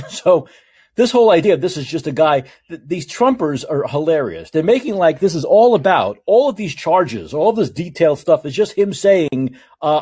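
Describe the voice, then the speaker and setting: A man's voice: on the high side, moderate pace, breathy edge. A man hosting a political talk show, reading legal documents aloud and breaking into heated, sarcastic, profane rants. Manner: heated, sarcastic, profane ranting between calmer read-aloud passages.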